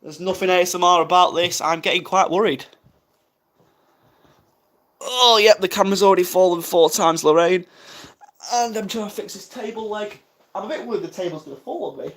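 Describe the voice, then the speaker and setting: A man's voice: high-pitched, brisk, long pauses, a bit bright. A young man from the UK chatting casually on a live stream, flustered and rambling, mocking himself as he goes. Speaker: ASMR livestreamer.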